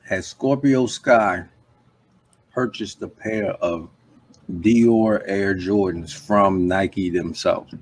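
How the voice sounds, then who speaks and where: A man's voice: deep voice, extremely slow. A man co-hosting a live podcast, ranting bluntly with heavy profanity in casual chat. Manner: blunt, profane, emphatic rants. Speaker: podcast co-host.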